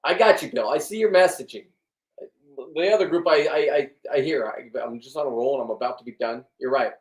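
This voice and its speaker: A man's voice: medium pitch, brisk, a little mellow. A middle-aged man in a rambling, blunt vlog monologue, swearing often and restarting his sentences. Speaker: vlogger. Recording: echoey room, distant from the mic.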